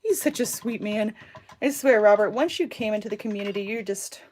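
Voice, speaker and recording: A woman's voice: mid-range voice, expressive, a little fast, a little mellow, slightly rough. A woman hosting a casual livestream craft tutorial, chatting and giggling with her viewers as she works. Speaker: crafting channel host.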